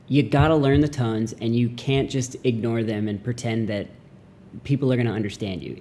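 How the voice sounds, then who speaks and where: Youngish guy doing a chill mandarin lesson, mellow voice, animated and goofy. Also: mid-range voice. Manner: animated, jokey, acts out mock voices. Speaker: language teacher. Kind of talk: casual video lesson.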